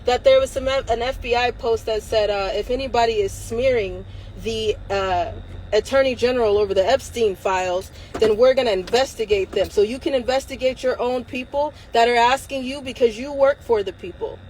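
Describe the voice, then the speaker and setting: High-voiced woman ranting on a livestream. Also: moderate pace, a little mellow, slight background noise, poor audio. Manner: angry and defiant, swearing, laughing through tears. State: close to tears. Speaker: livestream host. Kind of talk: impassioned livestream rant.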